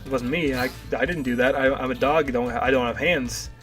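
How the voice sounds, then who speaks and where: A man's voice: medium pitch, steady tone, brisk, fairly bright tone, soft background music, lightly acted. A man putting on the voice of a guilty male dog, mumbling sheepish denials. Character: guilty, cagey male dog playing dumb.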